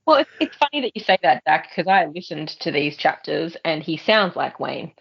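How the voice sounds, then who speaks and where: Low husky woman. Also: sing-song, moderate pace, a bit bright. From Australia. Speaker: podcast co-host. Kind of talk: casual book discussion. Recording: dull lo-fi audio.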